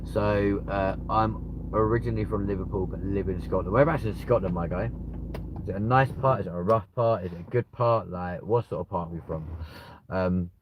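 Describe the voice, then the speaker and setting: A man, hosting a livestream and chatting casually with viewers, rambling and swearing with sudden bursts of excitement. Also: sits low, a little fast, muffled recording, a little hiss or hum. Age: 20s. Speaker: livestream host. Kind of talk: casual live chat reading viewer comments.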